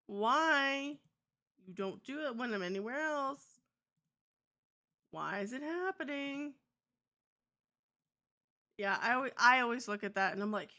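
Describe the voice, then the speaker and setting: A woman's voice: on the high side, lively intonation, measured pace, pauses often, pushed and bright. A woman livestreaming, chatting casually to her viewers and muttering in frustration to herself. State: headache. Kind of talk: casual live stream chat.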